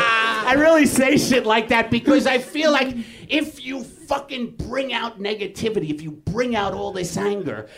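A middle-aged man with a New York accent shouting an angry comic rant on stage, then dropping into mumbled asides. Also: high voice, normal speed, gravelly. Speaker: comedian doing a rant segment. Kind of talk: ranting stand-up bit on a live podcast. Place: small comedy theater stage with audience. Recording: live theater audience audible.

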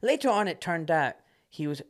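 Animated man telling stories. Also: a little high, moderate pace. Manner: animated, laughs often, swears casually. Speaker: guest, surgeon. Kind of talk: casual storytelling.

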